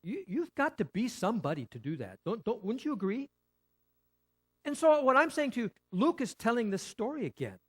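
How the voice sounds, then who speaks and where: Animated male pastor preaching. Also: very high voice, normal speed, breathy edge. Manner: animated, rhetorical questions and repetition; frequent restarts, conversational. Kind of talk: sermon.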